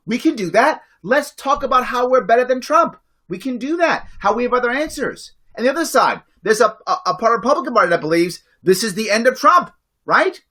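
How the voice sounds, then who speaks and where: A man with a high, bright, ringing voice giving an impassioned pep talk. He is emphatic and repetitive and hammers his points home as he pleads with his listeners. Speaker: livestream host.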